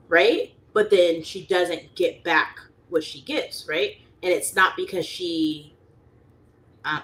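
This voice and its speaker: Low-voiced woman rambling on a livestream. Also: fairly bright tone. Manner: rambling, chatty, lots of fillers, voices quoted people animatedly. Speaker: livestream host reading chat. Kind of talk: casual rambling livestream chat.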